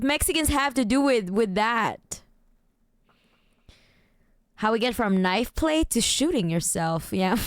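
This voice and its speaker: A woman's voice: high-pitched, a bit bright, smooth, no echo, studio quality. A woman streamer chatting casually, reacting to news and her chat with giggles and mock outrage.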